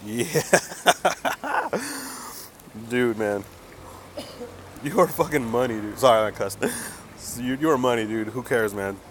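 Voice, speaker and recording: A man's voice: medium pitch, expressive, takes it slowly, a little hiss or hum. A young man live-streaming a mobile game outdoors on a city street, chatting to viewers in a hyped, slangy way and calling everyone dude and man.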